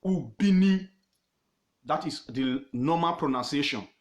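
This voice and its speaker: A man with a Nigerian accent teaching history informally on his own page, emphatic and repetitive, pausing often with fillers. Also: fairly high pitch, reverberant. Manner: emphatic, repeats words, pauses with fillers.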